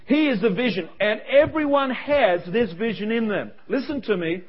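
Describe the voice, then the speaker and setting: A man preaching a sermon as pastor, animated, acting out quoted voices with quick asides. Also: extremely high pitch, husky. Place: church service. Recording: dull lo-fi sound.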